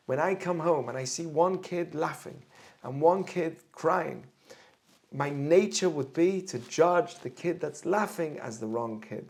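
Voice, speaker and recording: Middle-aged male rabbi, earnest teacher, higher gravelly tone. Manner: earnest, explains with everyday examples. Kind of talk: torah class talk.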